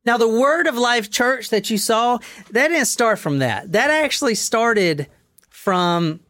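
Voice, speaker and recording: A man's voice: extremely high pitch, expressive, slow pace, sharp tone. A man hosting a casual podcast, telling a true-crime story in a wry, dramatic way and reading quotes aloud.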